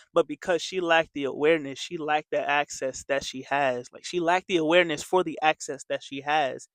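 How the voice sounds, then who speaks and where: Man, motivational faith coach, earnest and repetitive, fairly high voice, dry close sound. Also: steady tone, normal speed, fairly bright tone, dry recording. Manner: earnest, repetitive, conversational with many fillers. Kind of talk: casual motivational faith talk.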